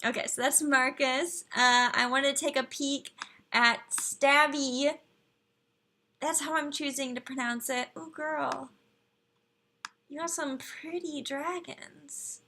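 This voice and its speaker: A young woman hosts a casual live stream in a high-pitched voice. Her tone is bright and lively, and she chats easily as she reads out game profiles and viewer messages. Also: measured pace. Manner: chatty, reads viewer chat and profiles aloud, talks to her computer. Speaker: livestream host reviewing game profiles.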